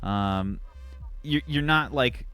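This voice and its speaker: A man's voice: mid-range voice, expressive, slow, sharp tone, clear, resonant tone, faint music behind. A man narrating as game master, rambling through descriptions with lots of "like" and restarts. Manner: rambling, full of "like" and restarts, laughs along.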